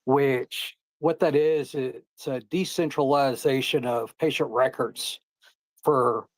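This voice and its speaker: A man from Indiana calling in to an online chat, calmly explaining his work. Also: medium pitch, takes it slowly, no room sound, low-quality recording. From Indiana, United States. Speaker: caller. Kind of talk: casual conversation. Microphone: online audio call.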